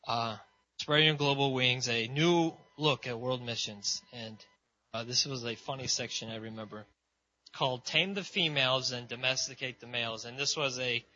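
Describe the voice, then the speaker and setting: Chatty guy preaching, lots of "like" and "you know", bright voice, muffled audio. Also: mid-range voice. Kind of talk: casual sermon. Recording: dull lo-fi sound.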